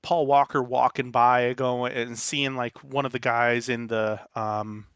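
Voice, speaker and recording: A man's voice: medium pitch, little pitch movement, measured pace, a bit bright, clear, resonant tone, no echo. A man picks apart a film's logic in loose, rambling bursts, sounding baffled. His voice sits in a mid range and is recorded dry and close, with no room around it. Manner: incredulous, rambling complaints. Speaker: podcast co-host. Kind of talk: casual movie discussion.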